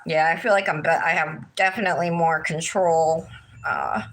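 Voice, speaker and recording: A woman's voice: deep voice, steady tone, normal speed, a bit bright, rough recording. Chatty woman rambling while doing her nails. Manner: chatty, rambling, often says "like" and "you guys". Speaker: nail vlogger. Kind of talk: casual live-stream chat while doing nails.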